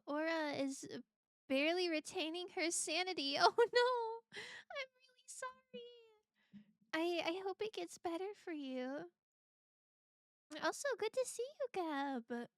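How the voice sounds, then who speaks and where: A woman streamer chats casually with her viewers and laughs a lot. Her voice is high and bright, and she talks at an easy, unhurried pace. The sound is dry and close. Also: no room sound. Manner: giggly, chatty, talks while eating.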